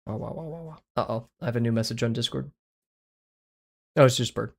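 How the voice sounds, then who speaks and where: Speaking fast with vocal fry, this medium-pitched male artist chats casually on a livestream as he draws. His talk rambles and pokes fun at himself.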